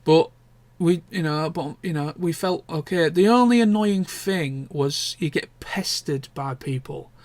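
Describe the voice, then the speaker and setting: A man's voice: a little high, measured pace, few pauses, darkish tone, no echo. A young man, chatting casually and candidly in a rambling vlog catch-up, with the odd swear word. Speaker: vlogger. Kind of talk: casual chat.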